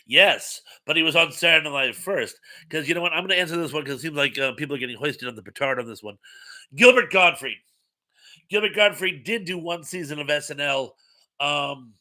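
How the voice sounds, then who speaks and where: A man's voice: fairly high pitch, sharp tone. A man hosting a casual live stream chat, reading viewer comments aloud in a chatty, rambling way with many filler sounds.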